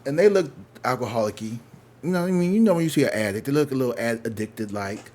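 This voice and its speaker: A man's voice: medium pitch, fast. A man with a St. Louis accent tells a casual story and swears freely. His voice sits in a middle register, and he jumps into other people's voices to act out their lines. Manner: profane, animated, acts out other people's lines. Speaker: tarot reader telling a story.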